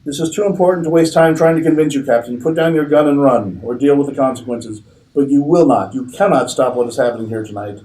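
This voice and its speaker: A man's voice: medium pitch, fast, warm tone, roomy sound, far from the mic, pitched above the performer's own voice, lightly acted, poor audio. A man voicing a menacing male army major who leads a cult, hissing and sinister.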